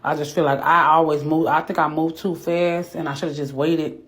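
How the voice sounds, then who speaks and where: A woman, a mother recording a rambling, emotional confessional vlog at home, teary from crying and talking herself through her morning out loud. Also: deep voice, steady tone, brisk. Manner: rambling, talks to herself aloud. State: teary, has been crying. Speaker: vlogger, mother. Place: home bathroom and kitchen.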